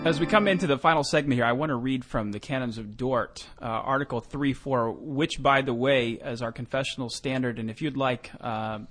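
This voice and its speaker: A man hosting a theological radio show, reading texts aloud and interjecting with quick challenges. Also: mid-range voice, a bit bright.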